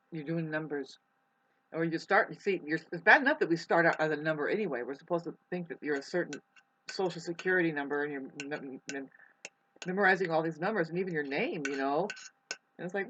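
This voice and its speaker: Eating while she talks, a vlogger rambles casually, frequently restarting her sentences and cursing freely. She has a deep, brisk, slightly bright voice. The recording is muffled and lo-fi.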